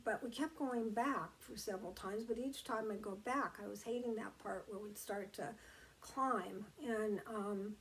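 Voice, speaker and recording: A woman giving a reflective motivational talk, gentle and meandering, with many fillers and restarts. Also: medium pitch, a little slow, slight background noise, rough recording.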